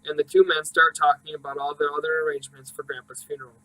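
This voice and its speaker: A man narrating an audiobook in a measured, steady reading voice. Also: fairly high pitch, low-quality recording.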